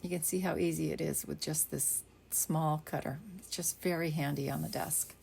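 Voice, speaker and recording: An older woman chatting casually while she demonstrates card making at her craft desk, rambling along and dropping into soft half-whispered asides. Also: low-pitched, fairly even intonation, normal speed, creaky, slight background noise. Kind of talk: casual crafting tutorial chat.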